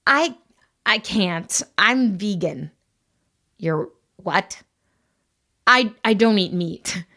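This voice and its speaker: A woman voicing an anxious, earnest teenage girl who pleads in a high, breathless voice. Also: lively intonation, drawn-out words, bright, forceful tone, full character voice. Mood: awkward.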